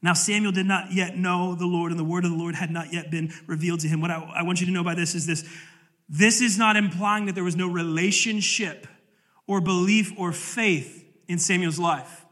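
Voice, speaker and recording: A male pastor delivers an earnest, emphatic sermon to a church congregation. His voice sits high for a man and rings bright. He reads scripture and presses his points with conviction. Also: steady tone, moderate pace. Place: church service.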